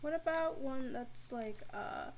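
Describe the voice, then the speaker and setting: A woman's voice: high voice, takes it slowly, poor audio. A woman playing a tabletop game, speaking casually and hesitantly. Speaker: player.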